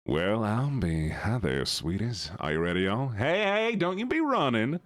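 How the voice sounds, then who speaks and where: A man's voice: on the low side, big pitch swings, a little slow. A man putting on a folksy, drawling country voice, bossing around critters he has penned up.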